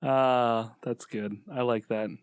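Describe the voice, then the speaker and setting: A man's voice: medium pitch, steady tone, slow pace, clear, resonant tone, no echo. A man co-hosting a podcast, chatting casually, laughing often and playfully blunt. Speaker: podcast co-host. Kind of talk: casual banter.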